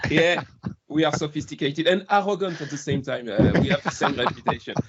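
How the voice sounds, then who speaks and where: A man's voice: fairly high pitch, fairly quick, a little hiss or hum. Chatty French-accented man on a call. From France. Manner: chatty, self-deprecating, laughs often, many restarts. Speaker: guest product manager. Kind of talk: casual video-call chat. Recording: dull lo-fi call audio.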